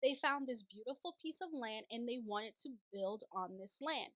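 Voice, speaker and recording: A woman's voice: fairly high pitch, moderate pace, dry recording. Chatty woman recapping a TV show. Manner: chatty, animated, paraphrases in playful voices. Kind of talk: casual recap commentary. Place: city home, sirens outside.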